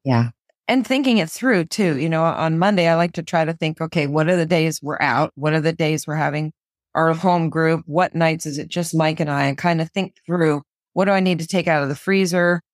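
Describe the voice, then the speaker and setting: A woman co-hosting a casual chat, thinking aloud in a gentle, reassuring way. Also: low-pitched, normal speed, dry recording, studio quality.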